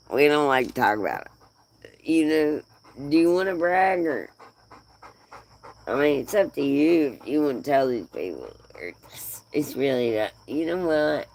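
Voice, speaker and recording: A man playing a gravelly, rambling dog lover. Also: medium pitch, a little mellow, a little hiss or hum. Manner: rambling, doting and tearful, half laughing. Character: grieving man doting on his aging dog. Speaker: dog owner. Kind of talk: emotional monologue.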